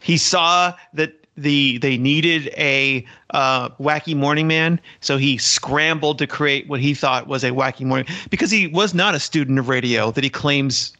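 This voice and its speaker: A man's voice: on the high side, unhurried, few pauses. A man co-hosting a podcast who talks in a casual, emphatic way, repeating words for stress, and reads book passages aloud. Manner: animated, emphatic, repeats himself. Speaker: podcast co-host.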